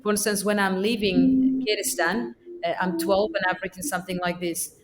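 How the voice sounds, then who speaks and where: A woman from Iraqi Kurdistan, a Kurdish speaker at heart, talks as a podcast guest in a mid-pitched voice. She tells her memories in a lively way and often repeats a word or two as she restarts. Clear music plays behind her. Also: moderate pace, rough recording. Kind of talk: personal storytelling.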